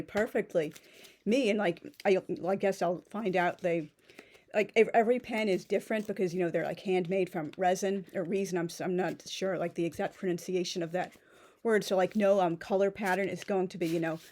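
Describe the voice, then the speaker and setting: Woman in her thirties, chatty vlogger voice, rambling with many fillers and restarts, slightly low pitch. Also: darkish tone. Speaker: pen vlogger. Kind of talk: casual unboxing chat.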